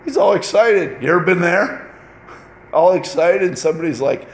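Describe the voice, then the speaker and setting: A man preaching a lively, conversational sermon, acting out short exchanges between people as he goes. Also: high voice, normal speed, echoey room, slight background noise. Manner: animated, conversational, acts out little dialogues. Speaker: pastor.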